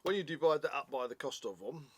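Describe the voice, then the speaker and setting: A man's voice: on the high side, expressive, quick pace, breathy edge. A man co-hosting a casual product review, chatty and jokey, explaining things at length.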